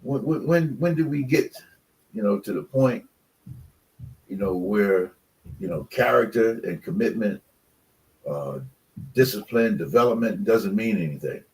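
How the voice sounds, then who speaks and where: A man's voice: fairly low pitch, expressive, unhurried, pauses often, darkish tone, far from the mic, a little hiss or hum. An older man, a former college football player, talking as a radio guest in a rambling, emphatic way with many fillers. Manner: emphatic, passionate about commitment. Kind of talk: casual radio chat.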